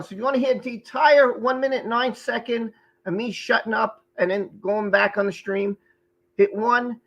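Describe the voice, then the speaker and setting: A man's voice: high-pitched, a bit bright, low-quality recording. A man hosting a live stream, chatting casually and greeting viewers by name from the chat, sometimes stumbling over their names. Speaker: livestream host.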